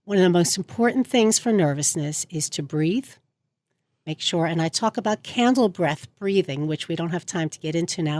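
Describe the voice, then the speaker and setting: Lower-voiced woman coaching on a dry podcast. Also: a little mellow, dry recording. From New York. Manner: instructive, organized, lists points. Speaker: communication coach, guest. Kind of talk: interview answers, advisory.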